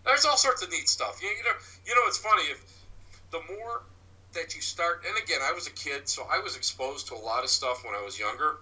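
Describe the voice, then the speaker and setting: Male psychic-medium guest: sharp, bright voice, slightly off-mic, halting anecdotal delivery. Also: fairly high pitch, lively intonation, far from the mic, poor audio. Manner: halting, repeats and restarts words. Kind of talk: rambling anecdotal storytelling.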